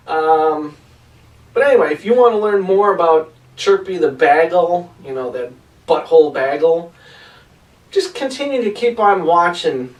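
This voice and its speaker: A man's voice: on the high side, roomy sound, far from the mic, low-quality recording. A man giving an enthusiastic, rambling voice-over commentary as a video host.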